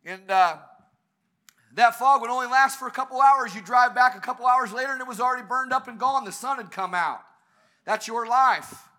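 A man's voice: very high-pitched, a little fast, bright, forceful tone. A man preaching a sermon at a church service, fervent and building to emphatic peaks.

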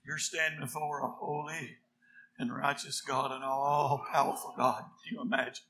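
A man preaching a fiery sermon, reading scripture quietly, then shouting his exhortations. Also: medium pitch, flat delivery, moderate pace, a little hiss or hum.

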